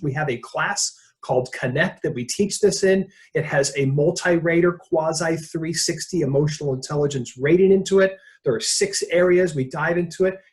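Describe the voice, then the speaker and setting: A man presenting a leadership webinar, telling stories in a conversational way and acting out quotes. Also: fairly high pitch. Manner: conversational storytelling, jokes and acts out quotes.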